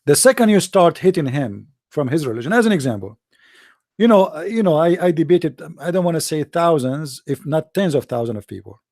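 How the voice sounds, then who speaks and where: A man's voice: a little high, expressive, brisk, a little mellow, dry recording, clean studio sound. A man hosting a debate show, talking in a mocking, argumentative live-stream monologue.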